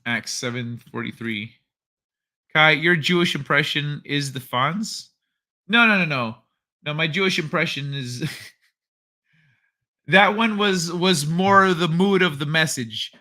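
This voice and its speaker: Bright-voiced man rambling on a livestream. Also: a little high, slow pace, long pauses. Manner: rambling, thinks aloud, frequent restarts. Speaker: livestream host. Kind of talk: casual chat reading viewer comments.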